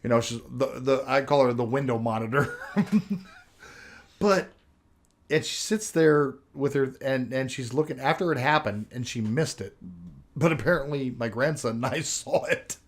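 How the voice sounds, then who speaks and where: A man's voice: mid-range voice, moderate pace. An older man and show host telling a story in casual chat, laughing often as he goes. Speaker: podcast host.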